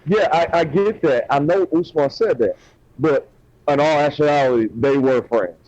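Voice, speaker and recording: A man's voice: a little high, moderate pace, darkish tone. Guy stumbling over words arguing on a podcast, muffled lo-fi sound. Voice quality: hesitant, repeats words. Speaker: podcast co-host. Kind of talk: casual podcast debate. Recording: dull lo-fi sound.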